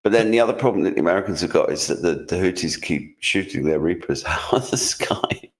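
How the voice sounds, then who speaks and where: A man co-hosts a news roundup in a sarcastic, rambling way. His voice sits very low, and he often restarts his sentences. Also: expressive, fairly quick. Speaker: co-host. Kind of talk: casual news commentary chat.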